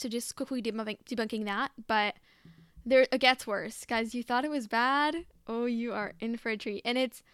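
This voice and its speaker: Young female podcast host, sarcastic and exasperated, restarts often, crisp voice. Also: fairly high pitch, fairly bright tone, no room sound, clean studio sound. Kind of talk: commentary reading tweets aloud.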